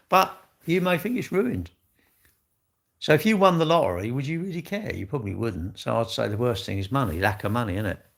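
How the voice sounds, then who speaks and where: A man's voice: mid-range voice, creaky. A man, rambling casually on a live stream as he answers viewer comments and keeps tacking tag questions onto his sentences. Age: 60s. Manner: rambling, chatty, ends lines with tag questions.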